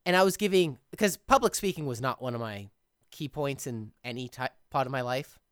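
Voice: mid-range voice, a little fast, clean tone, no room sound, clean studio sound. A podcast host who edits the show, chatting casually in long, reflective run-on thoughts. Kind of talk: casual chat.

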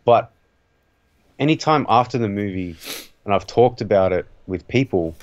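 A laid-back man speaks in an understated, easygoing way during a casual movie chat. His voice sits low. The sound is dull and lo-fi, with the top end rolled off. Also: lively intonation, normal speed, a little mellow.

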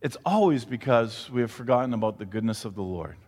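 A man preaching in an animated, storytelling way, swinging between loud, emphatic lines and quiet, hushed ones. His voice is mid-pitched, and a long hall reverb trails every phrase. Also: quick pace. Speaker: pastor. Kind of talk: sermon.

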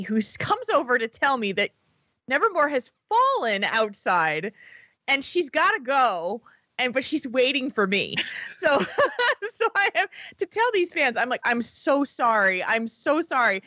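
A woman telling a story in casual chat, expressive and emphatic. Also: no room sound. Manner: expressive storyteller, swings between high and low.

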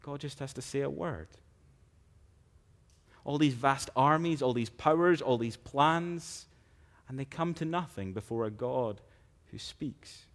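A man delivers a sermon in an earnest, measured way, at a voice pitched in the middle for a man. He slows down to stress key phrases. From Scotland. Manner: earnest, measured preaching with slow emphatic phrases. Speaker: preacher.

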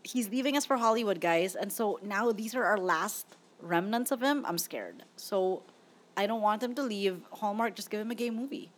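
This young woman's casual movie-review podcast finds her chatty, opinionated, and quick to laugh. Her mid-range voice moves at normal speed with lively intonation.

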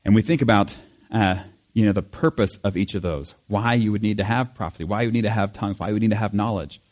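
A man's voice: fairly low pitch, fast talker. Man preaching in a conversational sermon. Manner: conversational, animated, acting out quotes with laughs. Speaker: pastor.

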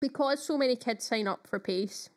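A woman co-hosting a relaxed podcast chat, her voice sitting fairly high. She talks eagerly and at length, with plenty of fillers and asides. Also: normal speed. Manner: chatty, enthusiastic, frequent fillers. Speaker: podcast co-host. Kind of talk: casual chat.

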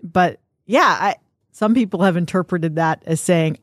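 A woman's voice: lowish voice, unhurried, no room sound, clean studio sound. Wry laughing woman. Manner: laughs often, wry asides. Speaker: podcast co-host. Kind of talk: casual chat.

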